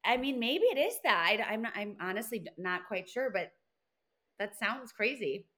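A woman's voice: a little high, normal speed. A woman from Wisconsin in her thirties, a guest in a casual interview, telling stories animatedly and acting out quotes. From Wisconsin, USA. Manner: animated storytelling, acts out quotes.

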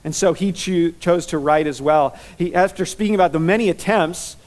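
A man preaching a sermon as pastor, enthusiastic and animated, telling stories with quick repetitions. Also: sits high.

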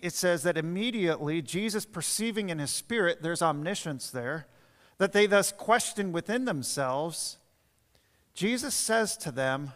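A man preaching a sermon as pastor, telling stories and then driving home his points with emphasis. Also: fairly high pitch. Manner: storytelling preacher, shifts between quiet asides and emphatic points. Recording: long reverb of a church hall.

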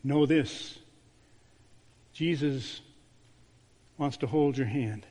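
A man, a pastor, delivering a sermon with a storytelling manner, dropping to a hushed voice on key words. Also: medium pitch, drawn-out words, husky. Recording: long church reverb.

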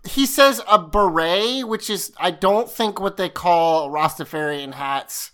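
A woman's voice: on the low side, unhurried, fairly bright tone. Rambling woman podcast host. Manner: rambling, self-interrupting, swears casually. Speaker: podcast co-host recapping an episode. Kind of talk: casual chat.

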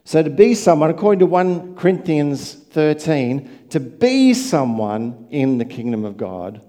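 A man preaching a sermon, telling stories and swinging from quiet asides to loud emphatic lines. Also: a little high, big pitch swings, unhurried. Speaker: pastor.

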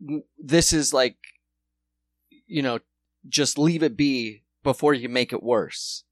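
A man with a mid-range voice speaks slowly on a dry recording. He's co-hosting a podcast, rambling sarcastically through casual chat and swearing a lot.

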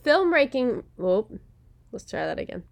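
A woman's voice: on the high side, big pitch swings, a little slow, vocal fry. Wry, laughing woman reading her review. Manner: wry and sarcastic, laughs often, stumbles and restarts reading. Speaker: podcast host reading a review script. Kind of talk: casual recorded commentary read from a script.

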